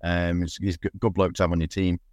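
A man's voice: deep voice, flat delivery, quick pace, darkish tone, no room sound, clean studio sound. A man hosting a casual sports podcast, rambling with lots of restarts and the odd swear word. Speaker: podcast host. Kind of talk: casual chat.

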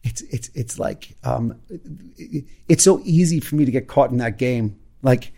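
A man from Brooklyn, a musician guest in a casual interview, talking haltingly with many restarts. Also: medium pitch, vocal fry, mellow. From Brooklyn, USA. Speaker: guest, recording artist.

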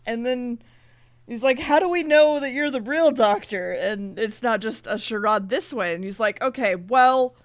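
A woman co-hosting a podcast, retelling a TV episode in casual chat, swearing freely and slipping into quick character voices. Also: fairly high pitch. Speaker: podcast co-host recapping an episode.

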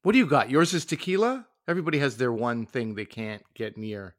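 A man's voice: mid-range voice, a little fast, no room sound, clean studio sound. A man co-hosting a show, bantering casually with wry, self-deprecating jokes. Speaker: co-host.

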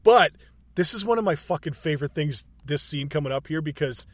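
A man with a high, lively voice retells movie scenes in casual chat. He swears freely and breaks into laughter. The sound is close and dry. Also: brisk, no echo.

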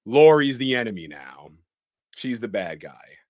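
A podcast co-host with a mid-range, darkish voice recaps a movie scene by scene, speaking a little slowly with big pitch swings. The clean studio recording has no echo, and he narrates dramatically, quoting characters in shifted voices.

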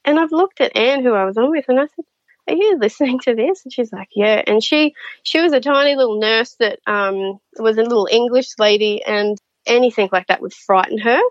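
A woman, a nurse, chatting as a guest and telling her stories in a lively way, laughing often and acting out what people said. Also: a little high, fairly quick, no room sound. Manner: animated, laughs often, acts out quotes. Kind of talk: casual storytelling chat. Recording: slightly dull lo-fi audio.

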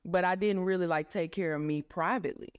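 A young woman, a guest on a faith podcast, speaking reflectively and often pausing to find her words. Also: on the low side, smooth, dry recording, studio quality. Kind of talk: casual faith podcast chat.

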